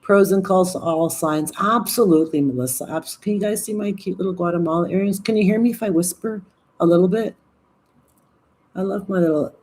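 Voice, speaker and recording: Chatty, mellow-voiced woman in her sixties. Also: fairly low pitch. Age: 60s. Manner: chatty, rambling, swearing, reading viewer comments. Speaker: livestream host. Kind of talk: casual live chat.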